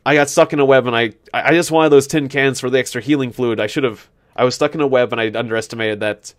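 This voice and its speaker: A fast-talking man at medium pitch rambles through casual commentary while playing a game for a video. He jokes at his own expense, laughs at his own lines, and thinks out loud with many false starts.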